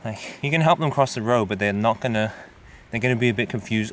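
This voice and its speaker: A man's voice: on the low side, fast talker. Man, casual rambling vlog talk, out of breath on a climb, outdoors, handheld camera, faint background noise. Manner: rambling, musing, with filler words. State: panting from climbing uphill. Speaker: vlogger. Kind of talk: casual talk while hiking. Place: outdoors on a trail.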